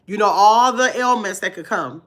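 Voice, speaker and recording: A woman's voice: mid-range voice, moderate pace. A woman vlogging live to her chat in casual talk, blunt and emphatic, repeating her points.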